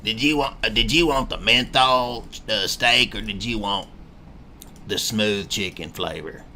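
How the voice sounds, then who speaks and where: A man voicing a chain-smoking woman diner waitress with a raspy smoker's voice, drawling through menu offers. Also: fairly low pitch, unhurried, sharp tone, a little hiss or hum. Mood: mock-polite.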